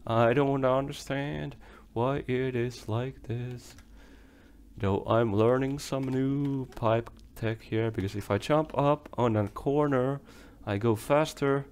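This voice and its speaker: A man's voice: medium pitch, fairly even intonation, slow, a little mellow, clear, resonant tone. A young man giving rambling let's play commentary as he plays, talking to himself and swearing when things go wrong. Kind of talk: game commentary.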